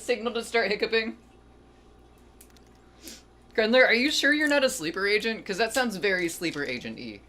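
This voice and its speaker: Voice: medium pitch, lively intonation, normal speed, long pauses, pushed and bright. A rambling, chatty home-cooking streamer whose voice swoops up and down a lot. The talk is loose and self-mocking, directed at chat while the streamer works in the kitchen. A faint hiss of noise sits under the voice. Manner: self-deprecating humor.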